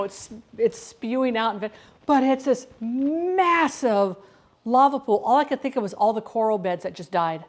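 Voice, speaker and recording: Chatty woman rambling while she cooks. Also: sits high. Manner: chatty and rambling, with frequent restarts. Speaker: streamer cooking live. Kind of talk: casual live-stream chat while cooking. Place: home kitchen.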